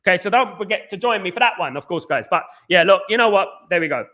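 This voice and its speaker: A man hosts a casual live fan stream, firing off words at a rapid clip. His voice sits high and bright. He keeps chatting to viewers and reading out their comments. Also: lively intonation. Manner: very fast-talking, reads out viewer comments.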